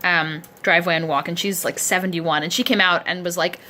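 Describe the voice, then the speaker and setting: A woman talks into a camera held close while she sits propped up in a chair at a friend's place. Her voice is bright and sits a little low, and she rambles in a chatty, self-deprecating way. She sounds sore and aching. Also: fairly even intonation, fairly quick. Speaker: vlogger. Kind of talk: casual video diary. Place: indoors at a friend's home, seated in a chair. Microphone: camera close to the face.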